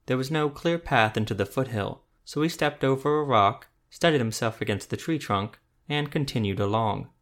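A male narrator reading a fantasy tale in a mid-range voice. His delivery is steady and even, paced for listening. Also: medium pitch, moderate pace, few pauses. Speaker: audiobook narrator. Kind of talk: scripted narration.

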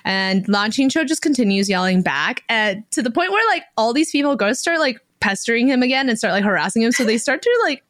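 A young woman co-hosting a podcast, casually and excitedly retelling a story in slangy, gushing words. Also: on the high side, brisk, hardly any pauses, no room sound, clean studio sound. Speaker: podcast co-host. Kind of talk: excited book recap chat.

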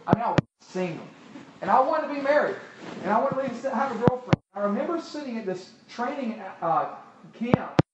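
A man's voice: very high-pitched, lively intonation, moderate pace, muffled recording. A man preaching a sermon, talking conversationally and asking the crowd rhetorical questions. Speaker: pastor. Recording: echoey hall, distant mic, loud noise.

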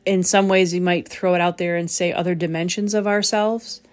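A woman hosting a reflective spoken talk as a medium, gentle and pausing to search for the right words. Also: lowish voice, steady tone. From southern New England. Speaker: psychic medium, host.

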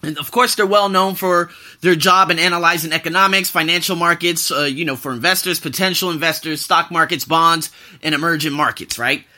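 A man's voice: on the high side, brisk, pushed and bright. A man hosting his own podcast in a casual monologue, profane and wandering off on tangents. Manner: loose and profane, drifting off on tangents. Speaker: podcast host.

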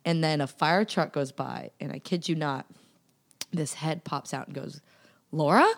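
Female podcast guest, deep for a woman, playful storyteller. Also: fairly even intonation, normal speed, creaky. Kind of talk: casual chat.

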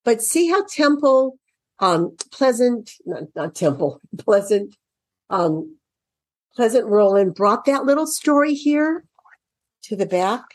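A woman with a fairly high, darkish voice speaks slowly into a computer mic during an online screen share, in a dry recording. She walks parents through children's reading workbooks in a chatty, thinking-aloud manner, going sing-song when she reads as if to children.

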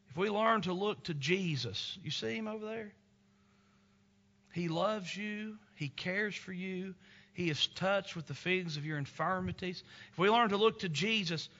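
A man's voice: sits high, pushed and bright. Male pastor, emphatic sermon delivery, somewhat lo-fi sound. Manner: earnest, emphatic, tender. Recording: slightly dull lo-fi recording.

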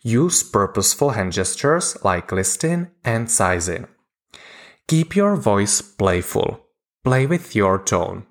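A man calmly narrating a scripted lesson as a communication coach, in a measured, deliberate way with pauses. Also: on the low side.

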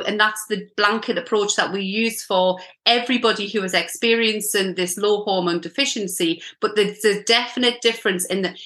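Bright, straight-talking woman coach. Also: medium pitch. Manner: straight-talking, explains with repeated "okay?" checks. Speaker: menopause coach, guest. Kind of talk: podcast interview.

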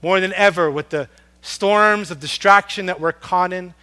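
A man preaching a sermon, earnest and storytelling, swinging from loud emphasis down to a hush on soft words. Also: sits high, normal speed. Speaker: pastor.

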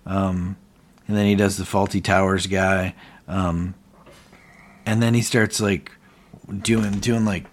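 A man's voice: low-pitched, little pitch movement, takes it slowly, pauses often. A man co-hosting a casual podcast, retelling scenes animatedly with quoted lines and plenty of fillers. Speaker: podcast co-host. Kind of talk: casual recap chat.

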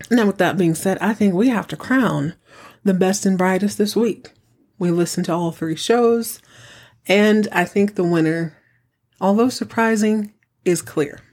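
Chatty woman podcast host telling stories. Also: on the low side. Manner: chatty, animated, acts out quoted dialogue. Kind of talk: casual storytelling.

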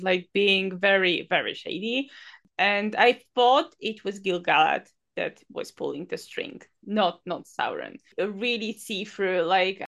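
A woman co-host speaks in a slow, unhurried way as she chats about a TV episode. She hesitates often and fills her pauses with "like" and "uh". Her voice sits at a middling pitch. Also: a bit bright. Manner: unhurried, hesitant, many fillers, giggles. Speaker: podcast co-host. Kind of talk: casual episode review chat.

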